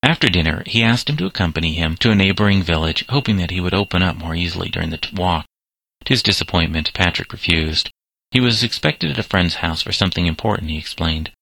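A man reading a story aloud as narrator, in a steady, plain way. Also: sits low, fast talker, creaky, no room sound, low-quality recording.

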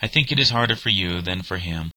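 Deep-voiced man reading a story. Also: animated, fairly quick, pushed and bright, no room sound, rough recording. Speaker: narrator.

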